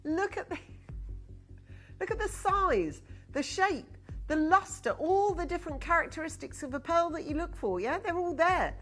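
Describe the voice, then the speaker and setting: A woman's voice: extremely high pitch, expressive, normal speed, faint music behind. A woman presenting a live TV shopping show, chatty, upbeat and coaxing as she sells to callers. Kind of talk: live TV sales pitch. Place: TV studio.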